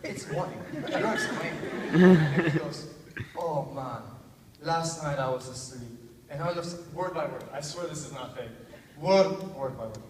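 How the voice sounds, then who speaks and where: A man's voice: a little high, measured pace, a faint crowd. Young man telling stand-up stories, echoey hall. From Texas. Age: young adult. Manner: animated storyteller acting out dialogue with excited outbursts. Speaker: stand-up comedian at a student talent show. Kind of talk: stand-up comedy storytelling. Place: large hall at a talent show. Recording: echoey hall, distant mic, noisy.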